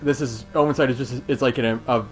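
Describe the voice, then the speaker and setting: A man's voice: mid-range voice, steady tone, a little fast, faint music behind. A man co-hosting a podcast in casual chat, enthusiastic but hesitant in his phrasing. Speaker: podcast co-host.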